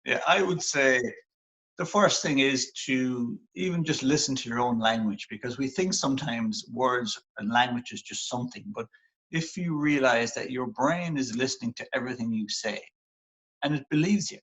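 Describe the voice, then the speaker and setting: In a motivational interview, an Irishman who works as a performance psychologist reflects earnestly on self-talk, guiding listeners on how they speak to themselves. His medium-pitched voice is fairly bright and slightly rough, at a moderate pace, on a rough recording.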